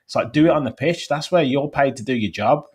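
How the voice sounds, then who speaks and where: A man's voice: medium pitch, fairly quick, darkish tone, breathy edge. A man, a guest fan on a football podcast, ranting bluntly about his team.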